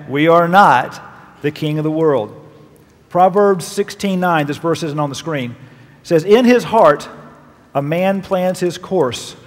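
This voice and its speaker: A male pastor preaching a sermon, reading scripture verses aloud with emphatic, lively delivery. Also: on the high side. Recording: long reverb of a large hall.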